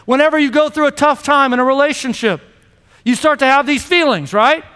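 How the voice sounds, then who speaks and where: A man's voice: extremely high pitch, a little fast, bright, forceful tone. A man preaching a sermon as pastor, emphatic and calling out to the congregation for a response. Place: church sanctuary. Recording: long reverb of a large hall.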